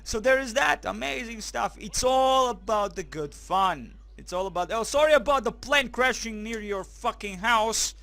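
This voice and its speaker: A high-pitched man commentates a game with a swooping, lively delivery. His voice is bright and forward, and his humour is crude and excitable. He keeps throwing in German phrases. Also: moderate pace, vocal fry, few pauses, no echo. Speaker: gaming commentator. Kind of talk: let's play commentary.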